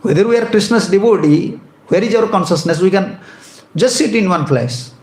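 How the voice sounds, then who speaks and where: A man's voice: sits high, normal speed, a little mellow, reverberant, poor audio. A man giving a devotional sermon, emphatic and often repeating and restarting phrases. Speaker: monk preacher.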